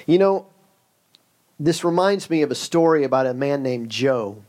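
A man's voice: mid-range voice, animated, normal speed, darkish tone. A man preaching a sermon with a humorous story, in a conversational, storytelling way with joking asides.

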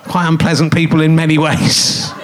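A man in his fifties with a noticeably high speaking voice hosts a comedy podcast from a theatre stage. He rambles, trips over his own sentences and undercuts himself with jokey, self-mocking asides. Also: monotone, moderate pace. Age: 50s. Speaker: podcast host. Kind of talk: comic live podcast hosting on stage.

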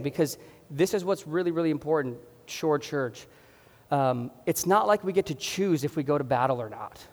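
A man preaching a sermon as pastor, passionate and at times loud and fired up. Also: on the high side, big-room sound. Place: church hall.

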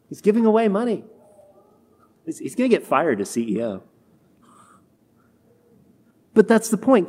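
Preacher, male, high-pitched, delivers a homily and acts out quoted complaints. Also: darkish tone. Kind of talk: sermon.

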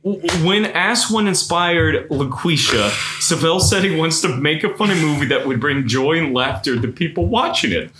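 Podcast co-host, male, sarcastic and animated, swears freely, a bit high-voiced, echoey room. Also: normal speed, few pauses, a little hiss or hum. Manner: animated, profane, reads articles aloud with sarcastic asides. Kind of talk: casual podcast chat. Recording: roomy echo.

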